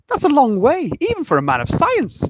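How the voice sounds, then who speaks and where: A man's voice: extremely high pitch, wildly swooping pitch, brisk, background noise, pitched above the performer's own voice, heavily acted. A man reading a film scene aloud, voicing an earnest young male scientist. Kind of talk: reading a film scene over a video call.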